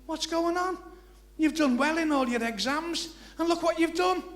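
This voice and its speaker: An older man playing a policeman who slowly lectures a boy in a mock-stern tone. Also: very high voice, fairly bright tone, pitched above the performer's own voice. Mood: scolding. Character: blunt policeman scolding a boy.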